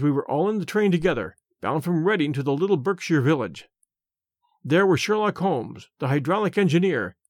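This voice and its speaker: A man narrating an audiobook in the first person, clear and expressive. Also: on the high side, dry recording, studio quality.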